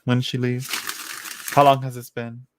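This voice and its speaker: A man's voice: mid-range voice, flat delivery, moderate pace, background noise. A man doing a casual live-stream tarot reading, chatty and giggly, often trailing off and restarting as he talks to viewers. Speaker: tarot reader answering viewers.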